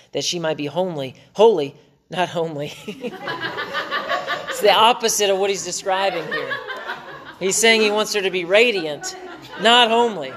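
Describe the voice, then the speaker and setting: Guy preaching in church, kinda high voice, chatty, keeps correcting himself. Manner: conversational preaching with quick asides and self-corrections. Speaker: pastor. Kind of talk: sermon.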